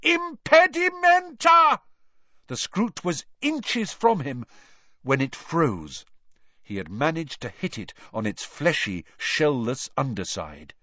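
A man giving a lively, dramatic storybook narration, in a dull, dry recording. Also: medium pitch, slow pace, no echo. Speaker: audiobook reader.

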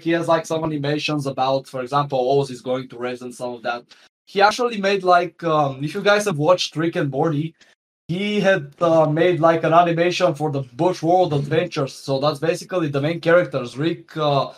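Brief: male podcast guest, a touch high-pitched, halting delivery with lots of fillers. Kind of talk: casual podcast chat.

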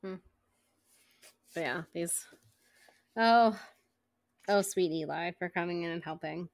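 A woman's voice: fairly low pitch, slow, no echo, studio quality. A young woman co-hosting a podcast, chatting casually about a book and retelling scenes with quoted voices. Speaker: podcast co-host. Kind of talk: casual book-club chat.

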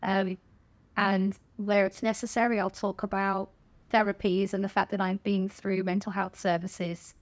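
A middle-aged woman with a southern English accent talks openly in a relaxed interview. Her voice sits at an ordinary middle pitch, and she swears casually and laughs easily as she speaks. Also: normal speed. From England. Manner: frank and chatty, swears casually, laughs often. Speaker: podcast guest, stand-up comedian. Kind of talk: candid conversational interview.

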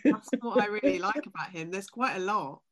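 A woman's voice: medium pitch, lively intonation, over a noisy crowd. Wry, chatty woman on a call. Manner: wry, chatty, quick to laugh. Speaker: panelist. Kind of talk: casual group chat.

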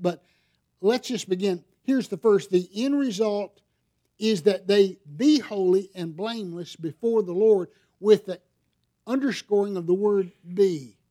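A man's voice: high-pitched, warm tone. A middle-aged male pastor preaching a sermon in a conversational way, often asking the congregation rhetorical questions.

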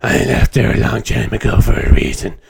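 Gruff half-whispered brooding caped hero by a man, slow and solemn. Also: on the low side, lively intonation, full character voice. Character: weary masked male vigilante hero in exile.

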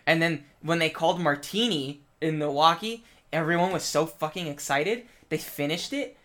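Rambling casual man, slightly high voice. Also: normal speed, a bit bright. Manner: rambling, lots of filler words and swearing. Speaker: film crew member. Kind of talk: casual chat.

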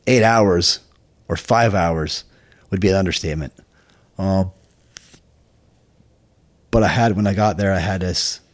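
Deep-voiced Scottish man telling stories. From Scotland. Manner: halting, many restarts, low and quiet asides. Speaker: podcast guest. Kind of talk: casual storytelling interview.

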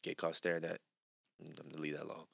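A man's voice: a bass voice, level tone, quick pace, vocal fry, fairly bright tone, dry recording, studio quality. A young man with a Louisiana accent hosting a podcast, chatting casually and joking, with lots of fillers. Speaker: podcast host. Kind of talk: casual chat.

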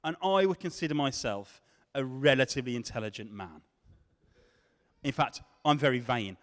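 A man preaching a sermon, swinging from loud questions to hushed tones. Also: mid-range voice, moderate pace. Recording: long hall reverb.

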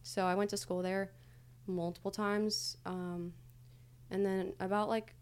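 With a mid-range, darkish voice, level in tone and unhurried, a young adult woman recounts her past on a podcast. She's candid but hesitant, casual and filler-heavy, in a conversational interview.

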